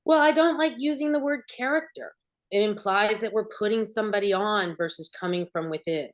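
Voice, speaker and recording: A middle-aged woman acting coach answering panel questions, an animated storyteller who acts out bits of dialogue. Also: medium pitch, fairly quick.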